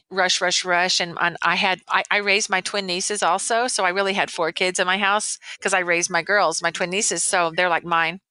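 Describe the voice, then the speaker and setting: Woman in her sixties, longtime educator, bright tense tone, dry close podcast sound, earnest rambling guest. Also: fairly low pitch, clean tone, no echo, rough recording. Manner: earnest, rambling, many restarts. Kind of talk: casual interview chat.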